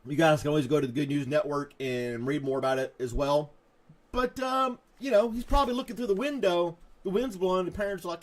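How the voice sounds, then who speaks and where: A man's voice: a little high, brisk. A man hosting a live casual chat show, joking around and often laughing at his own bits. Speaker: host.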